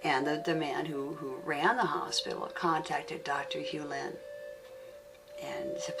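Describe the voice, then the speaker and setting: A woman's voice: sits low, steady tone, a little slow, gravelly. A woman teaching on an audio CD, telling a story earnestly and stressing and repeating key words. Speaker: spiritual teacher. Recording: distant mic with music underneath.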